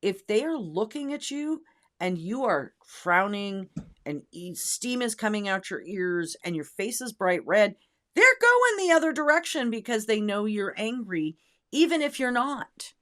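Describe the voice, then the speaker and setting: A woman's voice: mid-range voice, big pitch swings, unhurried. A woman co-hosting a casual talk show about dog training, speaking emphatically and demonstrating tones of voice. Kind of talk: casual podcast chat.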